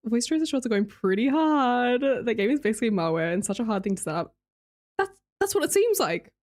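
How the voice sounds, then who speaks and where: Brief: young Australian woman, lively up-and-down voice, a bit high, chatty streamer who laughs a lot. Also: brisk. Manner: chatty, laughs often, reads chat aloud. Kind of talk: casual chat with live chat readers.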